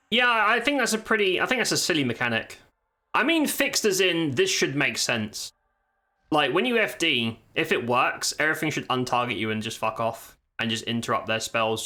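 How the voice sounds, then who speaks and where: Over quiet game music, a male streamer chats with viewers while playing live, swearing and exclaiming in a pushed, bright voice of medium pitch.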